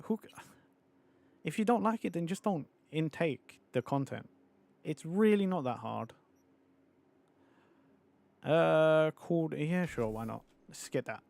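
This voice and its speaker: A young man streaming a game, chatting casually with viewers, animated and often laughing and swearing. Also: a little high, measured pace, gravelly, long pauses, dry recording. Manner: animated, laughing, swearing, mocking others in put-on voices. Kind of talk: casual live-stream chat.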